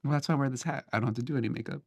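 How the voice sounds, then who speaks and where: A man's voice: mid-range voice, rapid-fire, dry recording. Rambling young man, dry sound. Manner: rambling, full of "like" and "um" fillers. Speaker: guest DJ. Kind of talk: casual chat.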